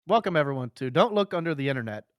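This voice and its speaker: A man's voice: a little high, lively intonation, racing, no room sound, studio quality. A man co-hosting a podcast in casual chat, joking and laughing often as he rambles through announcements. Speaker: podcast co-host.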